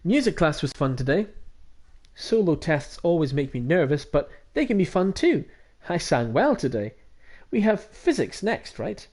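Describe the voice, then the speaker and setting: A man voicing a cheerful young female student heroine in a visual novel, eager and chirpy, pitched above his own voice. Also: big pitch swings, moderate pace, a little mellow. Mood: chatty.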